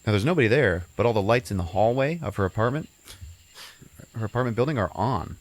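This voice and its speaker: A man's voice: lowish voice, animated, quick pace, dry recording. A man hosting a podcast, casually retelling a movie plot in a rambling, profane way full of fillers. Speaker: podcast host.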